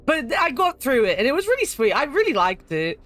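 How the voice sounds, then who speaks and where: A woman's voice: sits high, big pitch swings, a little fast, a bit bright, soft background music. A young adult woman streaming a game, chatting casually with viewers and laughing often. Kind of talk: casual gaming commentary.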